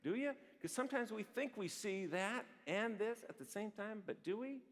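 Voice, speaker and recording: A man's voice: sits high, moderate pace. A man, a psychologist, giving a storytelling conference talk in a large hall and acting out the lines he quotes. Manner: animated, acts out quoted lines. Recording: long hall reverb from a big venue.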